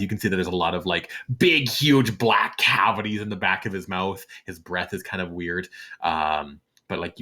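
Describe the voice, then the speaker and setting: A man narrating a tabletop game as game master, in a relaxed way full of fillers. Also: sits low.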